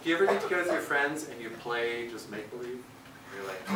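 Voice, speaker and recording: A man's voice: mid-range voice, animated, quick pace. A man from Minnesota performing as a puppeteer for schoolchildren, talking playfully and asking the kids questions. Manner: playful, asks the children questions. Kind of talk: school performance talk to children. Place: elementary school room. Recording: echoey room, distant mic, guitar behind.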